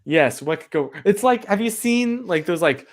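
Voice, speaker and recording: A man with a high-sitting voice and lively intonation keeps a moderate pace as he live-streams from a chilly room. Using a streaming mic, he chats loosely, fills gaps with "like," and responds straight to viewer comments.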